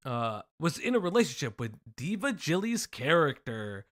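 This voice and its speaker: A young man hosting a casual live stream, reading news aloud with animated, profane joking asides. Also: fairly high pitch. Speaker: stream host.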